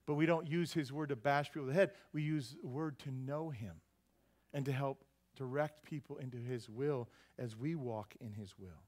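A male pastor preaches to his congregation in a fairly high voice. He keeps tossing questions out to the pews and drops in folksy, joking asides between points. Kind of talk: sermon. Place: church service.

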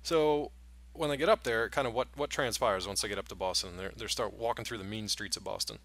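Bright-voiced man hosting a casual podcast. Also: fairly low pitch, fairly quick. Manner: animated, jokey retelling with acted-out quotes. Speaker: podcast co-host. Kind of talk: casual chat.

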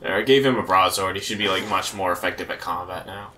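A man's voice: low-pitched, fast, sharp tone, slight background noise. A young man co-hosting a let's play, swearing and laughing through banter. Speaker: co-host.

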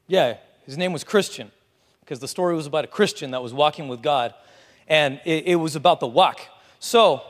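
A man with a fairly high voice gives a sermon in a relaxed, chatty manner, dropping in offhand asides. His voice carries a long reverb from the church hall. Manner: casual, chatty preaching with asides. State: out of breath. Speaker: pastor.

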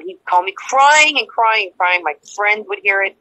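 A woman's voice: mid-range voice, lively intonation, moderate pace, sharp tone, low-quality recording. A woman interview guest giving an emotional personal account, rambling and repeating herself as she acts out quoted dialogue.

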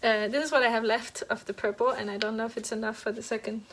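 A woman hosting a knitting podcast, chatting casually about her projects, halting with many fillers and restarts and a little out of breath. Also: fairly high pitch, steady tone, fairly bright tone, a little hiss or hum. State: slightly out of breath. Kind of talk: casual show-and-tell chat. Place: at home next to a heater.

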